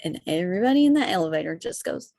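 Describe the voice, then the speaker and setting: Podcast guest: Kentucky woman, low gravelly voice, dry close sound, chatty. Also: sing-song, quick pace, mellow, no room sound. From Kentucky, USA. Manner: chatty, many fillers like "you know". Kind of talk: casual conversation.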